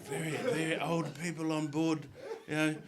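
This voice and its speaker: A middle-aged man doing a stand-up comedy set, telling animated stories and slipping into acted voices, on stage in a comedy club. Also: on the high side, moderate pace. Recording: live comedy club with audience laughter.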